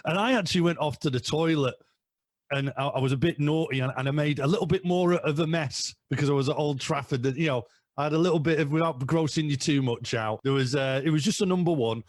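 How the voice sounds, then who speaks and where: A man guesting on a football podcast, telling fan stories in a rambling, animated way with lots of fillers. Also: on the high side, fast, no echo. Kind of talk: casual storytelling.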